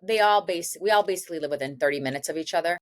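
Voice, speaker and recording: A woman's voice: on the low side, very fast, no room sound. A middle-aged woman chatting as an interview guest, gushing and bubbly, with lots of restarts and little laughs. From born in New York, raised in Ecuador and South Florida. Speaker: interview guest, dating coach. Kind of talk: casual interview chat.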